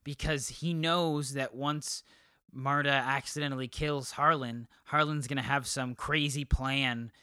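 A man's voice: mid-range voice, fairly even intonation, unhurried, bright, forceful tone, smooth, dry recording, studio quality. A man co-hosting a movie podcast, chatting casually with many ums and restarts. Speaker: podcast co-host. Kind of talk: casual chat.

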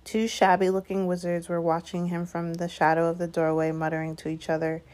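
A woman reading a chapter of a novel aloud in measured, steady narration. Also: lowish voice. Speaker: audiobook reader. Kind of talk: scripted narration.

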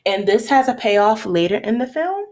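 A woman's voice: fairly high pitch, normal speed. A woman hosting her own podcast, chatting casually through a film recap, acting out the characters' lines and laughing often. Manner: animated retelling with acted-out quotes; laughs often while talking. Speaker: podcast host.

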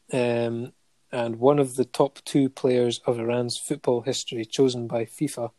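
Guy on a podcast going thru a list of trophies, mellow tone, dry close sound, lots of ums. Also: mid-range voice, dry recording. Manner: listing facts steadily with many ums and chuckles. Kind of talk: casual chat, reading out a football player's honours.

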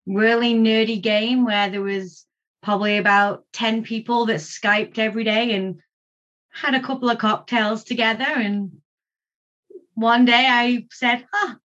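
A woman's voice: on the high side, steady tone, measured pace, a bit bright, highs cut off. A woman from England, chatting as a podcast guest over a video call and laughing easily. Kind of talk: casual chat.

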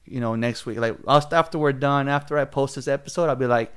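Speaking fast in a clean, medium-pitched voice, a man hosting a podcast tells a story in casual conversation. He is animated, laughs while telling it, and imitates other people's voices.

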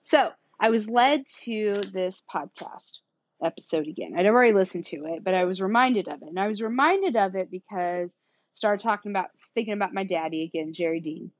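A woman's voice: mid-range voice, expressive, fairly quick, dry recording, muffled recording. Chatty Southern woman hosting a podcast. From Kansas City area, USA. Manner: chatty and rambling, laughing often, cursing. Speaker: podcast host. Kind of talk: casual solo podcast talk.

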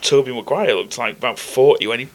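A man's voice: mid-range voice, fast. A man co-hosting a podcast, trading laid-back jokes and short replies. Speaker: podcast co-host. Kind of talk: casual chat.

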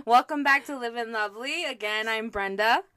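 A woman's voice: a little high, normal speed, sharp tone, dry recording, clean studio sound. A young woman co-hosting a casual chat podcast, giggly and rambling, with lots of "like". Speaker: podcast co-host.

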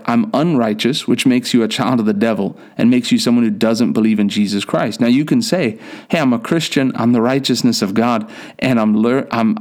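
A man preaching a sermon with passion, acting out prayers in quoted voices. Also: darkish tone. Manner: passionate, rises in pitch for emphasis.

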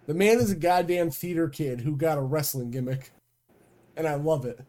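A man's voice: a little high, moderate pace, dark tone. A man co-hosting a podcast in casual chat, teasing and swearing freely. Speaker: podcast co-host.

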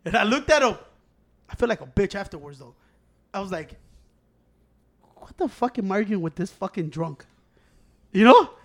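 A man, co-hosting a podcast, telling profane heated stories that break into loud shouts. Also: high voice, big pitch swings, moderate pace, pauses often. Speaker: podcast co-host. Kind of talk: casual chat, storytelling.

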